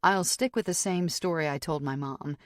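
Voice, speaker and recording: Low-voiced woman narrating an audiobook. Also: dry recording, studio quality. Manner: measured, tense inner monologue. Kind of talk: scripted first-person narration.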